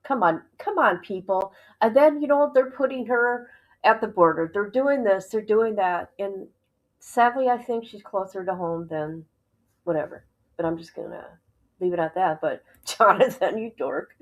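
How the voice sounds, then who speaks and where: A woman's voice: medium pitch, normal speed, rough recording. A woman hosting a livestream, giving casual reaction commentary, often exclaiming and laughing in disbelief. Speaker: livestream host.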